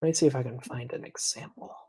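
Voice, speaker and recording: A man hosting a live stream in a laid-back conversational way. He walks through explanations at an easy pace in a mid-pitched voice, often pausing to find his words. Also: slightly rough. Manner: relaxed, explanatory, sighs and laughs at the clip. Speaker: stream host. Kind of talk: casual reaction-stream chat.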